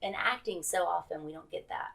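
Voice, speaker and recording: A woman's voice: fairly low pitch, fairly quick, gravelly, a bit bright. Wry Southern-accented woman comic. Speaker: guest comedian. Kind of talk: casual interview.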